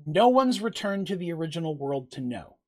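Game master guy rambling thru his world lore, lots of ums, laughs a lot, kinda high voice. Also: big pitch swings, fairly quick, darkish tone. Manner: rambling, heavy on fillers, laughs often. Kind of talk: casual tabletop storytelling and Q&A.

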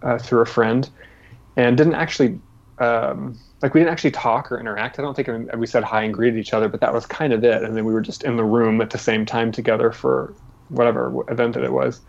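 Gravelly man telling a story haltingly. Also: medium pitch, fairly even intonation. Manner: halting, many fillers and restarts. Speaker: guest artist. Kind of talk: storytelling in an interview. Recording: slightly dull lo-fi audio.

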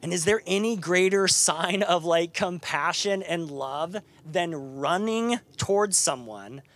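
Chatty pastor preaching, slightly high voice. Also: male voice, slow. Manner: chatty and animated, with many fillers and restarts. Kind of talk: conversational sermon. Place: church, preaching to a live congregation.

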